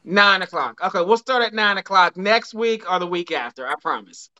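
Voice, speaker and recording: A man's voice: sits high, lively intonation, normal speed, pushed and bright, clear, resonant tone, highs cut off. A man hosting a live dating show, chatty and upbeat, losing his voice near the end of the night. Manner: chatty and upbeat, with frequent restarts. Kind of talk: casual live-stream chat.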